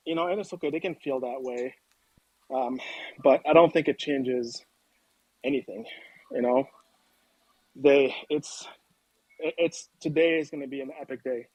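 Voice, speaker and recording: A man's voice: medium pitch, unhurried, pauses often, darkish tone, no room sound, low-quality recording. A man in a casual online audio chat, out of breath from lifting weights, talking in an upbeat, emphatic way.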